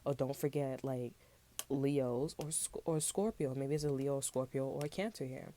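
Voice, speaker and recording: A woman's voice: a bass voice, normal speed, dark tone, a little hiss or hum. A woman giving a casual tarot reading, talking in a loose, rambling way full of slang and swearing. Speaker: tarot reader.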